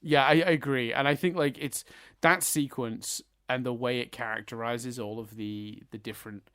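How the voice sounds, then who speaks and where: A man's voice: medium pitch, steady tone, normal speed, fairly bright tone, smooth, no room sound, clean studio sound. A man co-hosting a film review podcast, chatting enthusiastically, laughing often and swearing casually. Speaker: podcast co-host.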